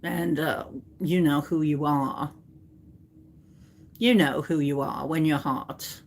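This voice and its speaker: A woman's voice: low-pitched, fairly even intonation, slow, long pauses, a little mellow. A woman chatting on a livestream as a card reader, silly and playful, answering comments and slipping into joke voices. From United States. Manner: silly, playful, jumping between put-on accents and sing-song bits. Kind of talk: casual livestream chat.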